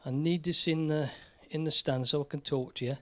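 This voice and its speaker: A British man hosting a casual live stream, chatty and jokey, slightly hoarse from a cold. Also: fairly high pitch, steady tone, fairly quick, fairly bright tone.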